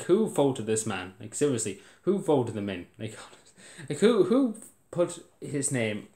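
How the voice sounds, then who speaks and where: An indignant Irish man rants about politics in a mid-pitched voice, repeating himself and laughing in disbelief. His voice carries a clear room echo. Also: a little mellow. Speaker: video blogger. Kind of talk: political rant to camera. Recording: roomy echo.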